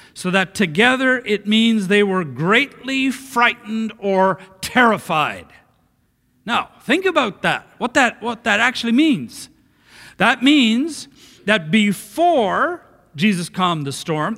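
A man preaching a sermon in a church, expressive and dropping to a hush for quoted words. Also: high voice, in a large hall. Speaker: pastor.

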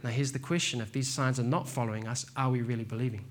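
A man preaching a sermon in a relaxed, slangy way, telling stories and calling listeners "man" and "bro". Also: mid-range voice, quick pace. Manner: laid-back, slangy, says "man" and "bro". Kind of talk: casual sermon with storytelling.

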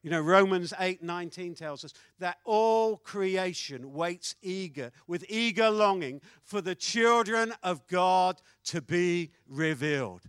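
Guy preaching, high bright voice, tells stories loud then quiet, dry sound. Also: slow, hardly any pauses, smooth, no room sound. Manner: animated storyteller, swings between loud and hushed. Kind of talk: sermon with storytelling.

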